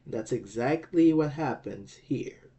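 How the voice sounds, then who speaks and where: A man explains grammar rules in an unhurried, measured lesson. His voice is dark and mellow. He repeats phrases and pauses to check that the listener follows. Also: mid-range voice, lively intonation, dull audio. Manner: slow and deliberate, repeats phrases, frequent "okay?" checks. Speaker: Greek language teacher.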